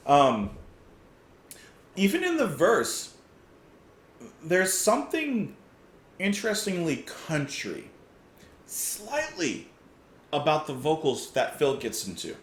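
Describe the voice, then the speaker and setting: A man's voice: fairly high pitch, reverberant. A man hosting a casual music reaction, talking enthusiastically, often chuckling and thinking aloud with fillers.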